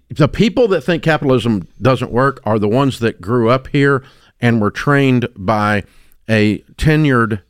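A man's voice: medium pitch, smooth, dry recording. Middle-aged man, radio host, blunt and emphatic, dry studio sound. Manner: emphatic, blunt, rises to loud exclamations. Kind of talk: opinionated radio talk. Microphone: studio microphone.

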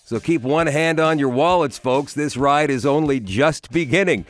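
A man's voice: on the high side, normal speed, faint music behind. A man with a Canadian accent presenting a scripted radio news segment, dropping wry editorial asides.

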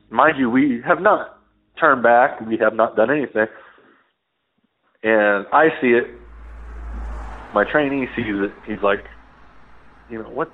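A man telling a rambling first-person story, acting out the voices of the people in it. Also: medium pitch. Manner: rambling, acts out quoted voices. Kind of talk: casual storytelling. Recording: phone-line audio with faint music.

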